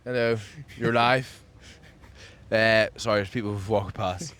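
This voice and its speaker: A man co-hosting a casual chat outdoors, ranting jokily with sudden jumps in pitch. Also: a little fast. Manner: animated, jokey rant with sudden pitch jumps. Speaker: podcast co-host. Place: outdoors, people walking past.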